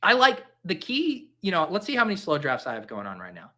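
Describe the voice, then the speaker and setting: A man's voice: sits high, huge pitch swings, fairly quick, bright, forceful tone. A young man hosting a live stream, chatting casually in a jokey, rambling, caffeinated way. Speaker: livestream host. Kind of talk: casual livestream chat.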